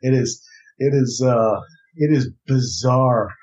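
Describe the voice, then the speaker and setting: Podcast dude, stop-start and wry, kinda muffled lo-fi mic. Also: male voice, mid-range voice, a little mellow. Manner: halting, full of fillers, wry jokes. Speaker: podcast co-host. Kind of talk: casual hobby chat. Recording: slightly dull lo-fi mic.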